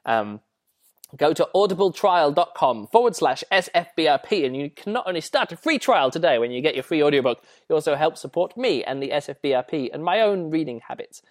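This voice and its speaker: A man's voice: a little high, very animated, fairly quick. An English man hosting a podcast, reviewing a book in a rambling, chatty way with lots of fillers and restarts. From England. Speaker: podcast host.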